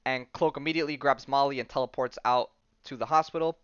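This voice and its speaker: A man's voice: mid-range voice, fairly even intonation, quick pace, a bit bright, clean tone, no echo, dull audio. A man hosting a podcast, recapping comics in a casual, rambling way, full of "like", "um" and slang. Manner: rambling, heavy use of "like" and "um"; enthusiastic slang, says "dude" and "bro". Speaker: podcast host.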